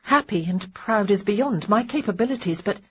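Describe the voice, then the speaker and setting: A woman's voice: mid-range voice, animated, moderate pace, breathy edge, lo-fi sound. A woman voicing a sensible young lady friend with a dry, wry manner.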